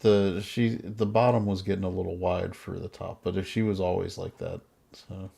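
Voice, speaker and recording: A deep-voiced man hosts a live podcast in an easygoing chatty way. His voice has a gravelly, fried edge. He rambles and restarts as he goes. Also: level tone, normal speed, dark tone. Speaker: podcast host. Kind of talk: casual live podcast chat.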